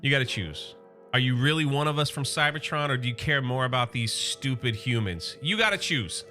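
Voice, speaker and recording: A man voicing a ruthless giant robot warlord from a comic, in a lower, gruff, taunting voice. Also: animated, fairly quick, pushed and bright, soft background music.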